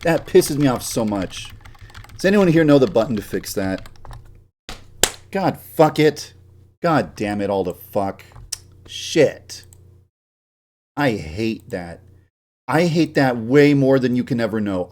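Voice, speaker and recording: A man with a medium-pitched, dark voice streams his game development, ranting and grumbling to himself as he works. He swears often and is self-mocking, laughing at his own jokes.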